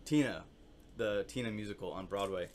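A lower-voiced man teaches percussion in an unhurried, explanatory way. He scats rhythm patterns on syllables between his instructions and fills his pauses with small hesitations. A faint noise hangs behind the recording. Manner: explains calmly, with sung rhythm syllables and many fillers. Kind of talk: instructional demonstration.

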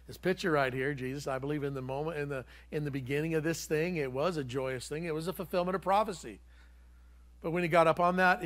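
Emphatic male pastor preaching. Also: fairly high pitch. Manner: emphatic, repeats key phrases, shifts between loud and hushed. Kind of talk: sermon.

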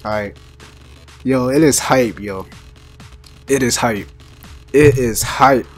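A young man giving excited, slangy let's-play commentary and talking back to the game. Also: medium pitch, takes it slowly, faint music behind. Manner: hyped, slangy, talks back to the game, many restarts. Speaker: gaming YouTuber.

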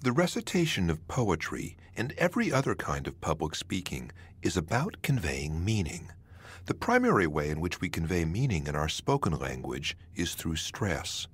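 Deep husky male narrator. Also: huge pitch swings. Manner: measured, demonstrates word stress by example. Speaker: narrator of an audio poetry course. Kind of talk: scripted educational narration.

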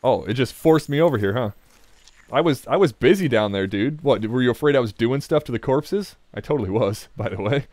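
A man's voice: mid-range voice, animated, fairly quick, a little mellow, dry recording. Joking man narrating his gameplay. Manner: jokey, rambling, talks to the game, laughs often. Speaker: let's play gamer. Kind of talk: gameplay commentary.

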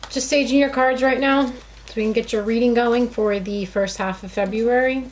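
A woman's voice: on the high side, steady tone, normal speed. A woman giving a casual, chatty tarot reading who talks to her cards and addresses her viewers directly. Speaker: tarot reader.

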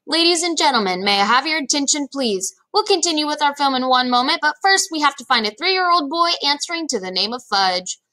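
A woman's voice: high voice, expressive, a little fast, few pauses, sharp tone, pitched above the performer's own voice. A woman voicing a man in a suit who manages a movie theater, calling formal announcements to the audience. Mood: announcing. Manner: formal announcer phrasing, called out to a crowd. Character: adult male theater manager, formal and official.

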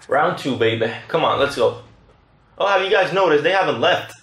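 A man casually commentating his own gameplay, excitable and rambling, trash-talking his opponents. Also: a little high, normal speed, roomy sound. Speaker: gaming channel host.

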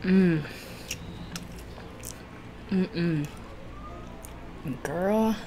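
Woman mukbang host, low voice, unhurried chat, faint hiss. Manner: chatty, laughs often, self-conscious about talking fast. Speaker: food vlogger host.

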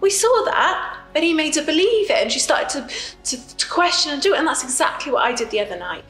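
Brief: a fed-up wife in lockdown, rambling confessional monologue, slightly high voice, roomy echo. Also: female voice, big pitch swings, brisk, a bit bright, faint music behind. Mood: rueful. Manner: rambling, confiding, apologetic. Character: fed-up woman stuck in lockdown with her partner.

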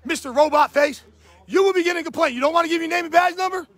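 A man's voice: very high voice, racing, creaky, a bit bright, faint music behind. A man, filming outdoors on his phone as he confronts police on his property, demanding and repeating himself. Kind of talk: heated confrontation, filmed live. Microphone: handheld phone camera.

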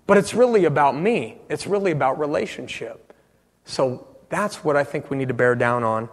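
A man preaching a sermon as pastor, passionate, swinging from loud bursts to hushed pleas. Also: fairly high pitch, animated, normal speed, in a large hall. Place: church sanctuary.

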